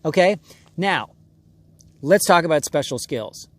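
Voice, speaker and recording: Man, acting coach, emphatic, conversational, fairly high voice, dry room. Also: animated, no echo. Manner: emphatic, conversational, acts out quick voices of casting people. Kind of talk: direct-to-camera acting advice.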